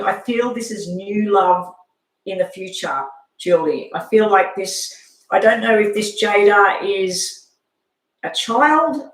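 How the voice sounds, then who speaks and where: A tarot reader doing a live reading for a viewer, speaking haltingly with frequent ums. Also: medium pitch. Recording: echoey room.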